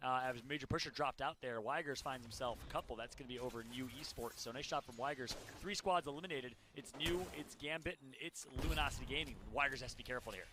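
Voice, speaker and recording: A man doing energetic play-by-play commentary as an esports caster, rising to shouts on eliminations. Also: medium pitch, fast talker, hardly any pauses, noisy background.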